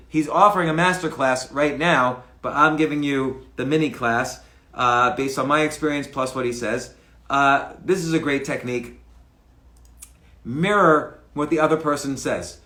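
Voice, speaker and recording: A man's voice: on the high side, fairly bright tone. A middle-aged man hosting a casual live stream, talking loosely into a mic on a stand, restarting phrases and acting out bits of dialogue. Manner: conversational, restarts phrases, acts out dialogue examples. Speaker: host. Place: home room, livestream. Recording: roomy echo.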